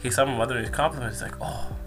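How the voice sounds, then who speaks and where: A young man in casual chat, telling a story in an animated way and laughing often. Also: medium pitch, rapid-fire, soft background music.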